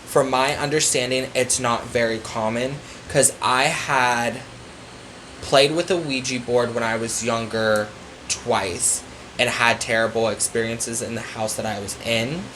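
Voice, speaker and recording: A man telling a long personal story as a podcast guest, winding and loose, full of pauses and restarts. His voice sits at an ordinary pitch, with a faint hiss of noise behind him. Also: steady tone, fairly bright tone, low-quality recording. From Florida. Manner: rambling storyteller, many fillers and restarts. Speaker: podcast guest, psychic medium. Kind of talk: casual chat.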